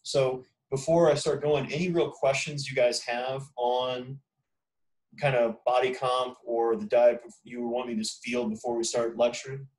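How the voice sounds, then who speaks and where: A man's voice: medium pitch, flat delivery, a little slow, darkish tone, distant mic, poor audio. Casual lecturing man, off-mic. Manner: informal, blunt, talks to students directly. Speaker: exercise physiology instructor.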